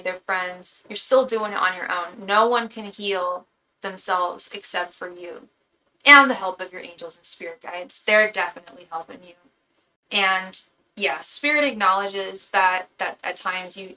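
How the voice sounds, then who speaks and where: Bright-voiced woman giving chatty tarot readings. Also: medium pitch, low-quality recording. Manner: casual, chatty, stammers and repeats words. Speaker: tarot reader and psychic. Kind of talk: live tarot reading to a chat.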